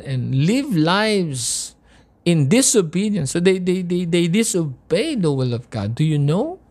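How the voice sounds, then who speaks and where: A woman's voice: lowish voice, a little mellow. A woman preaching a sermon, impassioned and emotional, asking repeated rhetorical questions.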